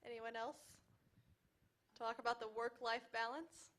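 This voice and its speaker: A woman's voice: fairly high pitch, fairly even intonation, measured pace, a bit bright. A woman moderating a panel and putting questions to the guests in a light manner.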